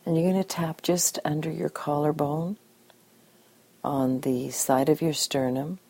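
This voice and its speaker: A woman guiding a tapping session in a calm, gentle way, giving phrases for the listener to repeat. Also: low-pitched, a little slow, vocal fry, breathy edge. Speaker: tapping practitioner.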